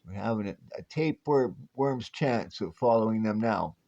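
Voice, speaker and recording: A man's voice: on the low side, animated, normal speed, vocal fry, dark tone. A man voicing a wisecracking, upbeat male superhero detective in a breezy, jokey way, on a dull lo-fi recording.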